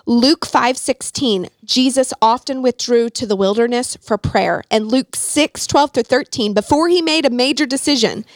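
A woman's voice: fairly high pitch, normal speed, hardly any pauses, dry recording. A woman guest author speaking passionately in a faith-based parenting interview, quoting scripture like a preacher.

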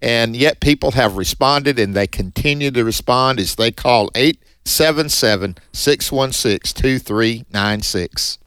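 A man with a strong Mississippi Southern drawl talks in a folksy, upbeat, chatty way on a Christian radio program. His voice sits at an everyday middle pitch. The studio sound is dry and close. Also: measured pace, hardly any pauses, fairly bright tone, clear, resonant tone, no echo. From Northeast Mississippi, USA. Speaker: radio co-host. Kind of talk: Christian radio fundraiser chat. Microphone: studio microphone.

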